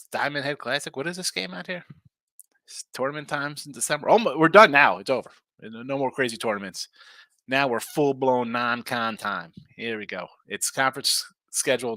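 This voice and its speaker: A man hosts a live sports betting stream with a bright, forward voice in a dry, close recording. He chats quickly and casually. He reads viewer comments aloud between his own picks. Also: mid-range voice, no echo. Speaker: sports betting show host.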